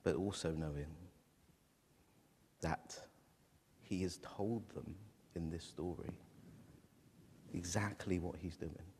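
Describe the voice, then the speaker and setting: A man preaching a sermon, telling a personal story in a halting, emotional way, recorded in a church. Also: low voice, steady tone, a little mellow, big-room sound, slight background noise. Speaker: pastor.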